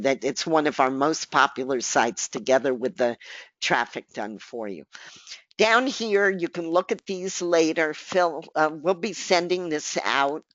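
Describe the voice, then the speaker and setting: A woman's voice: deep voice, no echo. A woman presenting a live marketing webinar who repeats her key points and speaks straight to her listeners, while she is losing her voice. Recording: dull, dry lo-fi recording.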